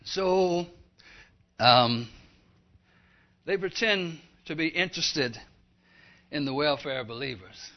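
High-voiced fervent male preacher. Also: slow, pauses often. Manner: emphatic, builds to fervent loud passages. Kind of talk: sermon. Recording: dull lo-fi recording.

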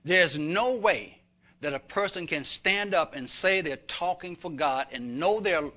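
A man preaching a sermon emphatically, building to fervent, loud passages. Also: fairly high pitch, lively intonation, unhurried. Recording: dull lo-fi recording.

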